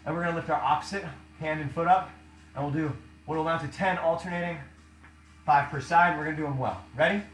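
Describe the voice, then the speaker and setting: A man's voice: a little high, fast talker, echoey room, faint music behind, low-quality recording. Breathless upbeat man coaching a workout. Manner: counts reps aloud, upbeat cues, often asks "all right?". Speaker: fitness coach. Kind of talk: guiding a workout while doing it. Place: home workout room.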